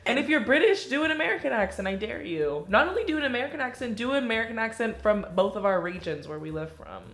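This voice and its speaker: A woman from Texas chatting casually, animated and playful, quick to laugh. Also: mid-range voice, faint music behind. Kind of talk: casual chat. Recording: roomy echo.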